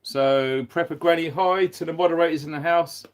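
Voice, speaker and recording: A man's voice: a little high, steady tone, moderate pace. A man hosting a live stream in a casual, upbeat way, greeting viewers and reading out their comments. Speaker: livestream host.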